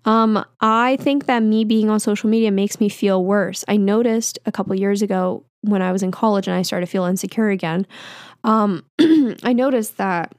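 A woman's voice: medium pitch, steady tone, moderate pace, smooth, no echo, clean studio sound. A woman in her twenties hosting a casual solo podcast, talking candidly and self-deprecatingly with lots of fillers. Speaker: podcast host. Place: home. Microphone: podcast microphone.

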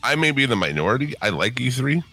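A man's voice: mid-range voice, big pitch swings, fast, pushed and bright, breathy edge, faint music behind. A middle-aged man hosting a podcast in a groggy morning voice, laid-back and swearing freely as he chats and laughs. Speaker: podcast host. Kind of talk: casual chat.

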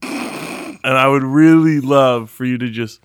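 A man's voice: mid-range voice, clear, resonant tone, dry recording, studio quality. Chatty man co-hosting a podcast. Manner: chatty, laughing, halting restarts. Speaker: podcast co-host. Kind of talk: casual chat.

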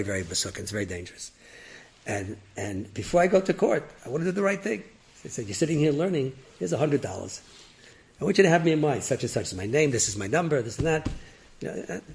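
Guy telling a story, gravelly voice, lively, does the voices. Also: mid-range voice. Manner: lively, acts out characters with rising excited voices and laughs. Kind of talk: animated oral storytelling.

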